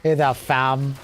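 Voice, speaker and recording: A man's voice: medium pitch, slight background noise. A Canadian man chatting casually while gaming on a live stream, rambling with lots of filler words. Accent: Canadian English. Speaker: gaming livestreamer.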